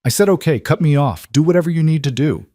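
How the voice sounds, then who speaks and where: A man's voice: fairly low pitch, expressive, brisk, a little mellow, dry recording, clean studio sound. A man voicing a hurt but defiant young woman who talks in clipped, firm lines. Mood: resolute.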